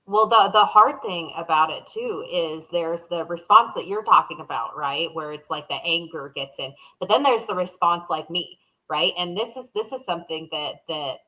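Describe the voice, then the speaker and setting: Bright-voiced candid woman co-host. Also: on the low side, moderate pace, hardly any pauses, low-quality recording. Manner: candid, emotional, acts out quoted inner voices. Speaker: podcast co-host. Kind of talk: casual conversation.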